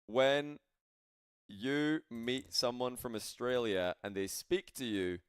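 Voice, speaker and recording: A man's voice: medium pitch, takes it slowly, clear, resonant tone, no room sound, studio quality. A man, casting a live stream and chatting loosely with his viewers in a rambling, joking way. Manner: chatty, rambling, addresses chat. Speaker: esports caster. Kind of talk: casual live-stream commentary.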